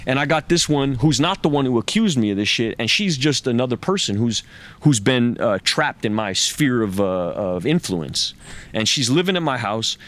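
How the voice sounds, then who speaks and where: A man's voice: mid-range voice, normal speed. A man in his thirties, a guest in an interview, telling a raw personal story with cursing and acted-out quotes. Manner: raw, profane, animated retelling with acted quotes.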